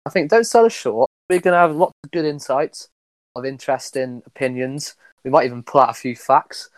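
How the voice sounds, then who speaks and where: A man's voice: mid-range voice, a little fast, no echo. A young man in his twenties co-hosting a podcast, teasing his friend with upbeat banter. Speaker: podcast co-host. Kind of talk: casual chat.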